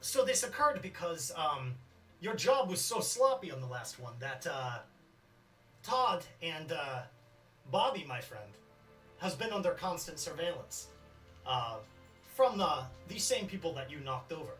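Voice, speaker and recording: A man's voice: fairly high pitch, very animated, a little slow, fairly bright tone, recorded from a distance, faint music behind, poor audio. A man voicing a scheming male crime boss who speaks in an oily, magnanimous way. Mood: smug. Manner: oily, magnanimous, self-satisfied.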